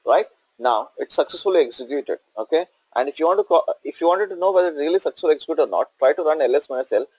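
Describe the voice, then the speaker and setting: A man's voice: on the high side, animated, rapid-fire, hardly any pauses, darkish tone, husky, dry recording, rough recording. A male instructor walking through a coding tutorial on screen, explaining step by step and checking in with "okay?" and "right?".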